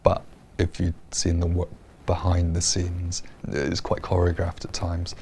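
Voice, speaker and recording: A man explaining the making of a show in a measured, explanatory way. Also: low-pitched, monotone, darkish tone, slightly rough. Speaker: producer of the show. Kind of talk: explanatory interview.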